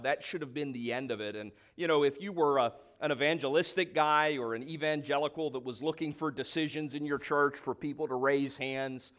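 A man's voice: a little high, fairly quick, few pauses, a bit bright. A man preaching a sermon, emphatic, stretching key words for stress and dropping in conversational asides. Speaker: pastor.

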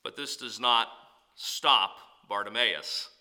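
A man preaching as a pastor, swinging between loud calls and soft, low asides. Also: slow. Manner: preaching with sweeping rises and drops in pitch and volume. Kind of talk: sermon.

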